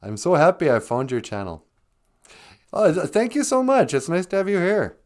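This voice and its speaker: A playful man hosts a casual live stream. His pitch swings widely as he chats, chuckles and greets viewers one by one. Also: wildly swooping pitch, normal speed. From north central Minnesota. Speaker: host.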